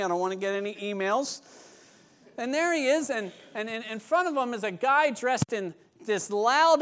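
A male pastor delivers a sermon in a loose, conversational way, with jokes mixed in. His voice sits notably high for a man. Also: a bit bright. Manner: conversational and joking.

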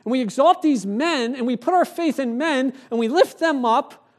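A male pastor preaching a sermon in a church, animated and conversational, speaking directly to the congregation. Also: very high-pitched, moderate pace.

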